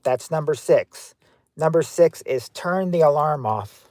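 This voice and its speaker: A man's voice: a little high, animated, mellow, no room sound. Southern guy from kentucky streaming outside, reading chat, stop-start talk, dry close sound. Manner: reads viewer chat aloud and answers, halting with restarts. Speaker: livestream host. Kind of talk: casual livestream chat. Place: outdoors.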